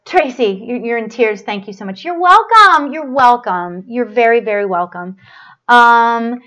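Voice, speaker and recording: A woman's voice: a little high, lo-fi sound. Rambling woman medium on a live stream. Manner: rambling, halting, many fillers and restarts; gushing and affectionate. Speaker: medium hosting a live show. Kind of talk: live-stream chat and psychic reading.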